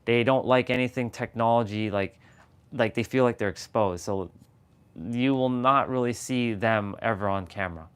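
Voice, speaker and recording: A man hosting a casual motivational livestream from home, speaking candidly and a bit low on energy, rambling through restarts. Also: moderate pace, smooth. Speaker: livestream host. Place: at home, downstairs. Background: tuning fork tones.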